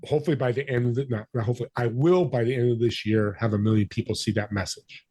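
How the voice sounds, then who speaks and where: Man, husky voice, mid pitch, animated storytelling, dry close sound. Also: fast talker, dry recording. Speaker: podcast guest, business connector. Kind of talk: storytelling interview talk.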